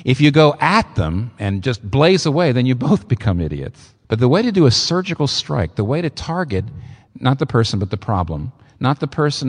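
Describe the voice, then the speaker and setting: Lively man preaching in a reverberant hall. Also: breathy edge. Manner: lively, emphatic preaching with sudden pitch leaps. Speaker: pastor. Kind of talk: sermon.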